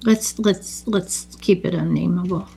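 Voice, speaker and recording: A woman's voice: fairly low pitch, a little slow, vocal fry, dark tone, slightly rough. Matter-of-fact woman co-host. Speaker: podcast co-host. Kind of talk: casual chat recapping a film.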